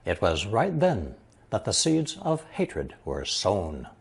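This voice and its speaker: Brief: man, lesson narrator, unhurried delivery, slightly husky tone, very lively melody. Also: low voice. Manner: slow and deliberate, reading example sentences and translating them. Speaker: language teacher. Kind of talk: scripted language lesson narration.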